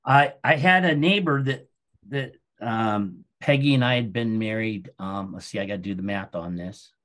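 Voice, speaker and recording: Calm low-voiced man telling stories. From Iowa, USA. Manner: calm, unhurried storytelling with frequent ums. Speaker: guest, grain business owner. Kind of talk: casual interview chat.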